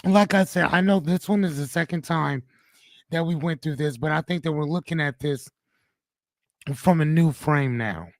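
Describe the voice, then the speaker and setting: Animated man hosting a joking live chat. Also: a little high, normal speed, vocal fry, no echo. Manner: animated, joking, slangy, reads viewer comments. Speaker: host and coach. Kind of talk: live stream chat reading comments.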